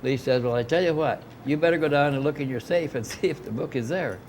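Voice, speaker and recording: A man's voice: mid-range voice, quick pace, a little mellow, slight background noise. An older man, a guest at a club gathering, telling a long anecdote in casual conversation, with many restarts and asides. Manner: rambling, anecdotal, frequent restarts. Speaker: interview guest. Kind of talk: casual storytelling. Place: club dining room.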